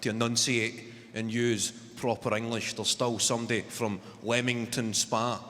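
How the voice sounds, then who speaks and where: A man's voice: mid-range voice, level tone, normal speed. A young Scottish man with a Glasgow accent doing wry stand-up storytelling on stage, slipping into put-on voices. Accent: Glaswegian Scottish. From Scotland. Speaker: stand-up comedian. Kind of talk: stand-up comedy. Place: large live venue. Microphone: stage microphone. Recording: hall reverb, loud crowd noise. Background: audience laughter.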